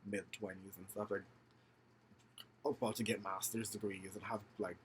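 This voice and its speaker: A young vlogger tells a story to camera at a normal speed, his fairly low voice full of fillers, slang and free swearing as he animatedly acts out the people he quotes. There is a little hiss or hum in the recording.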